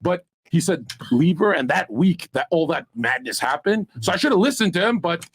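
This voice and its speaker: A man on a streamed panel telling a long crude story, loud and profane, laughing as he goes. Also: a little high, very animated, a little fast, husky. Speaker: panel guest.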